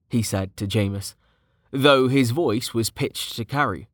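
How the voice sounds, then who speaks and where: Male narrator, fantasy audiobook, slow delivery, dry close sound. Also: medium pitch, expressive, fairly bright tone, breathy edge, no room sound.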